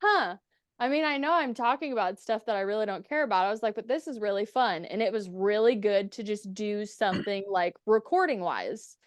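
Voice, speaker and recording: Candid, profane woman with a smooth voice. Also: mid-range voice, fairly quick, few pauses, no room sound, clean studio sound. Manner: candid, profane, acts out quoted dialogue. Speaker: podcast guest. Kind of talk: casual storytelling interview.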